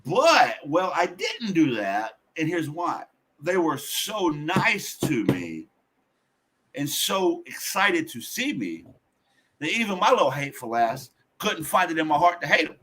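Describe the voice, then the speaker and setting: Man, husky, animated pitch, candid profane storytelling, interview guest. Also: measured pace. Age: adult. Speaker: podcast guest.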